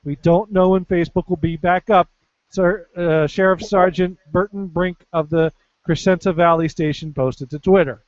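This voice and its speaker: A man with an East Coast American accent co-hosts a casual podcast, reading odd news stories with dry, sarcastic asides. His darkish voice is fairly even and moderately paced, with no echo, though the podcast audio sounds dull and low-fidelity.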